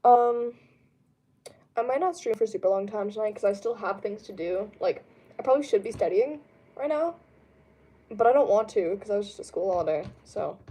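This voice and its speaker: A woman's voice: mid-range voice, normal speed, dark tone, husky. Chatty young woman streaming from home. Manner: rambling, lots of ums, laughs easily. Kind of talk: casual chat answering live chat. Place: home room.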